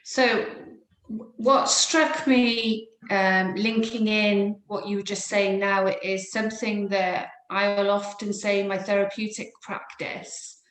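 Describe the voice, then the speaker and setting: Woman, therapist and trainer, reflective panel talk with restarts, mid-pitched, echoey room. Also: steady tone, slow pace, a bit bright. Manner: reflective, searching, with many restarts. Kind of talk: panel discussion.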